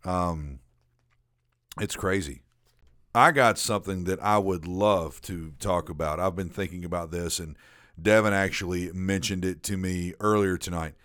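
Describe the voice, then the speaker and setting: A young man in casual podcast banter, crude and joking, who stumbles a little when he starts a story. His voice sits a little low, and the recording is dry and close. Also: unhurried, a bit bright, dry recording. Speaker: podcast co-host. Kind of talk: casual chat.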